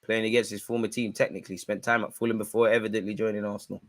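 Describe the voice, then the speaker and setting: A young man hosting a football watch-along, commenting live and shouting at the referee. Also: racing. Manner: animated, shouts at the referee, spikes in pitch and volume.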